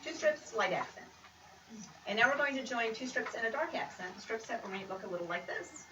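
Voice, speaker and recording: A woman's voice: fairly high pitch, animated, brisk. Woman, chatty demonstration, upbeat, roomy studio sound. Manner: chatty, upbeat, teasing asides. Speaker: quilt pattern designer presenting. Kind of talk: casual demonstration. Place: creative center studio. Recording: roomy, distant, noisy room sound.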